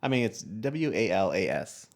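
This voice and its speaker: A man chatting on a movie-review podcast, his pitch swinging up and down in a lively way. He is wry and offhand, dropping fillers and the odd curse into his remarks. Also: moderate pace. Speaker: podcast co-host. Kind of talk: casual movie-review chat.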